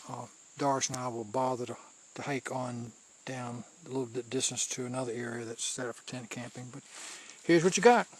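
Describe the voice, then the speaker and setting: Talking a little fast with hardly any pauses, a medium-pitched man narrates his walk along a mountain trail. He films handheld, scouting the route and chatting casually to viewers, often restarting his phrases.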